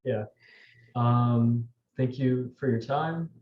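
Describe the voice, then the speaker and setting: A man's voice: mid-range voice, very slow, reverberant, highs cut off, a little hiss or hum. A man hosting a question session, polite and a little hesitant, heard over a video call. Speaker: host.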